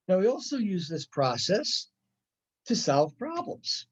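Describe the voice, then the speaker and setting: A man's voice: fairly high pitch, sing-song, normal speed, slightly rough, lo-fi sound. A male college instructor giving a conversational lecture, often checking in with "right?" and acting out playful examples. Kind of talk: recorded classroom lecture.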